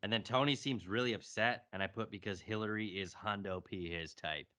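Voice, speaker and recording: A man's voice: lowish voice, brisk, bright, forceful tone. A man co-hosting a casual review podcast, recapping the plot with dry jokes. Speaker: podcast co-host.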